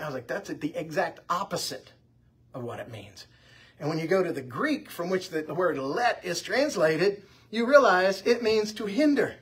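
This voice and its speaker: Husky man, Bible class teacher, chatty anecdotal delivery. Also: high voice, normal speed. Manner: conversational, anecdotal, lively delivery. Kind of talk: informal church class teaching. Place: church classroom.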